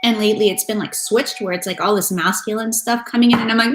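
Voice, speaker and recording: A woman's voice: mid-range voice, steady tone, fast, few pauses. A woman giving a loose, chatty live-stream tarot reading, swearing casually and greeting viewers by name. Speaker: tarot reader. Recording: echoey room with faint noise.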